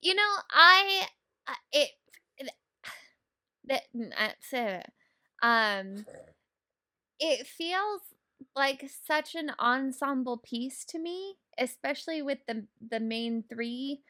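A woman in a casual movie discussion, animated, laughing often and swearing freely. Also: high-pitched, takes it slowly, long pauses.

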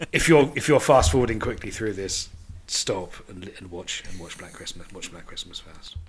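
Sardonic, low-voiced man riffing on puns. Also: expressive, moderate pace, slight background noise. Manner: dry, sardonic, swears, makes wordplay jokes. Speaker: podcast co-host. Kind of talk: casual film-discussion chat.

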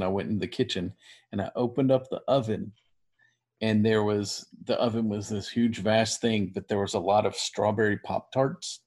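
A man with a lowish voice tells a story in a relaxed chat. He rambles and piles on details with quick laughs along the way.

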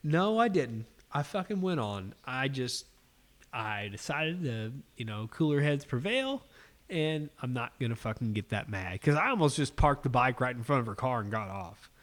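Man hosting a casual podcast, animated and foul-mouthed. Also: medium pitch, moderate pace. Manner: swears constantly, animated storytelling. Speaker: podcast host. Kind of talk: casual chat.

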